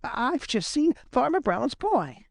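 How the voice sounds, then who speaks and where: A man voicing an excitable young male rabbit who pants and talks in a high, hurried rush in a storybook reading. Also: no room sound, clean studio sound, heavily acted. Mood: alarmed.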